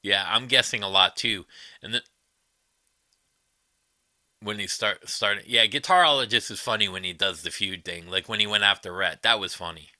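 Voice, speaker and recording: A man's voice: fairly low pitch, moderate pace, pauses often, sharp tone, no echo. A man hosting a casual livestream, chatting with viewers and giving blunt, profane opinions. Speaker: livestream host. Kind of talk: casual livestream chat, reading viewer comments.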